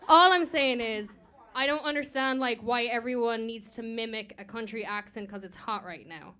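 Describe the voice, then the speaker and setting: Woman, singing judge, bright forward voice, frank chatty critique, bursts of excitement. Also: a little high, normal speed. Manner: chatty, candid, laughs often, gets loud and excited. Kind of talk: casual spoken critique. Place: community music venue.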